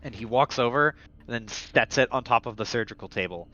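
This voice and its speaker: A man runs a tabletop game, narrating scenes in a loose, rambling manner. His pitch is middling and the recording sounds muffled and lo-fi. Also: a little fast, bright, forceful tone. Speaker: game master. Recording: muffled lo-fi mic.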